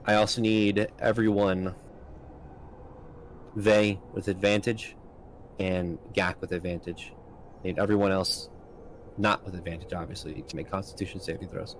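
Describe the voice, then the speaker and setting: A man's voice: sits low, level tone, moderate pace, long pauses, slight background noise, poor audio. A man narrating as game master of a tabletop game, casual with frequent ums and likes.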